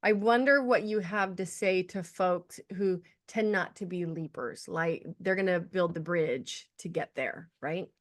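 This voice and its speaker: A woman hosting a podcast, telling stories in an enthusiastic, animated way. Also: lowish voice, measured pace, few pauses. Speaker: podcast host. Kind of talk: casual interview talk.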